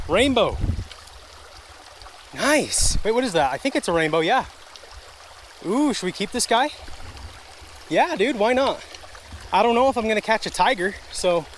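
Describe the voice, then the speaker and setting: High-voiced man vlogging at a creek. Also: slight background noise. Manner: chatty, easily frustrated, talks to viewers as folks and guys. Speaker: fishing vlogger. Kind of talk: casual outdoor vlog narration. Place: outdoors at a wooded creek.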